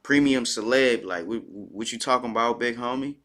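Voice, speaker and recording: Sharp-voiced man skeptically reacting. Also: medium pitch, normal speed. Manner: skeptical, blunt, self-deprecating asides. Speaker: channel host reacting to a clip. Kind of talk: reaction video commentary.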